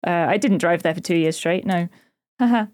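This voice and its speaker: A woman's voice: fairly low pitch, a little mellow. A woman co-hosting a podcast, teasing and laughing easily in casual chat. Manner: playful, teasing, quick to laugh. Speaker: podcast co-host.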